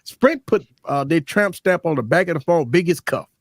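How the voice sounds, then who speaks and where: Animated man ranting on a live tech show. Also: on the high side, moderate pace, dry recording, clean studio sound. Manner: animated, blunt, swears freely. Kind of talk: casual live-stream banter.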